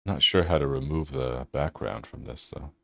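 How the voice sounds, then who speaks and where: A man's voice: a bass voice, normal speed, gravelly, dry recording, clean studio sound. A man hosting a tech channel, giving loose, casual commentary over his screen and thinking aloud with fillers.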